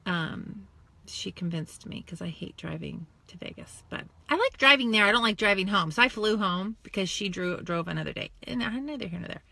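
Here a forties-aged sales team leader talks on a phone video chat from her car in a parking lot, her voice medium-pitched, gravelly and fairly quick. Emotional and near tears, she gushes with animation throughout the live stream.

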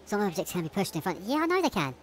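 A woman's voice: mid-range voice, very animated, racing, background noise. A woman giving nervous, jumpy commentary while playing a horror game, swearing often and laughing through the fear. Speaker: let's play gamer.

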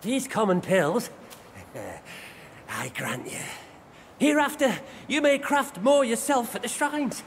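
An actor playing a courtly old sage in a video game, speaking in formal, archaic phrases. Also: male voice, extremely high pitch, sing-song, slow, a little hiss or hum, full character voice. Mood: serene. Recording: reverberant game hall with faint ambience.

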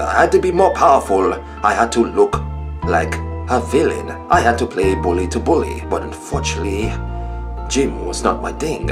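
A man narrating a comedy skit with an exaggerated, self-mocking delivery. His pitch leaps about in a lively way. Background music plays clearly behind him. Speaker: voice actor telling a comic story.

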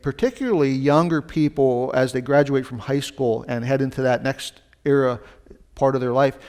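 A man's voice: medium pitch, moderate pace. Male pastor, sermon delivery, conversational with casual asides, lifts his voice to stress points. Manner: animated, rising emphasis on key points.

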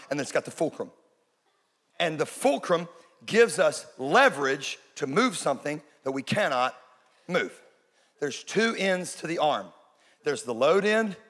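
A Texan man in his forties, a pastor preaching a sermon, telling stories and building to loud peaks. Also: a little high, breathy edge. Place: church auditorium. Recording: large room with long reverb.

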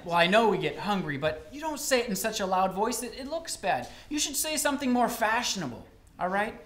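Performing live comic storytelling before an audience on a college stage in a roomy hall, a man plays a bossy, know-it-all Osaka traveler lecturing his friend. His high, fairly bright voice is very animated and brisk, and he sounds sure of himself.

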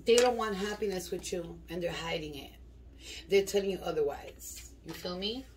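A fairly low-voiced woman talks through a casual tarot reading in blunt, slangy, profane bursts, rambling from thought to thought. She sits well back from the mic. Clicks and steady background noise run under her voice. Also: normal speed, distant mic. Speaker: tarot reader.

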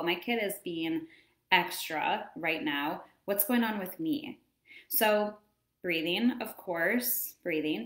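Chatty woman coach in an echoey room. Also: medium pitch. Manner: chatty, animated, acts out scenes. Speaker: wellness coach. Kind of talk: casual advice talk.

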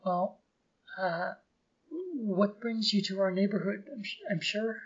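A man's voice: high voice, steady tone, unhurried, husky. A man playing a stammering timid office artist. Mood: nervous. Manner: stammering, nervous, apologetic. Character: timid meek middle-aged male office artist. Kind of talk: radio drama re-creation. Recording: dull lo-fi radio-style recording.

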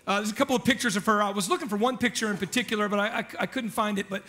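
High, bright-voiced joking pastor. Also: male voice, very fast. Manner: chatty, joking, asks the congregation questions. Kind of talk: casual sermon.

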